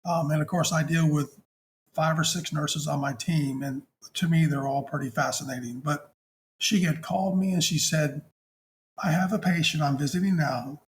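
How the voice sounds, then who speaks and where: A man working as a hospice chaplain, telling a story in a gentle, affectionate, conversational way. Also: fairly high pitch, fairly even intonation, normal speed, slight background noise.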